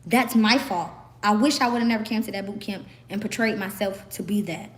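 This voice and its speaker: A young woman from the American South with a Southern accent, hoarse from screaming, ranting sassily and emphatically to camera. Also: mid-range voice, moderate pace. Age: young adult. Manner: sassy, emphatic, repeats herself. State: hoarse, voice worn out. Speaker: vlogger.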